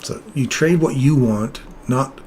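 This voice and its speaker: A man talking through live trades in a loose, chatty way, mid-pitched, greeting viewers in the chat between explanations. A faint hum of room ambience sits under his voice. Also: measured pace, a little mellow. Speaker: trading streamer. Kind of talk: live trading commentary.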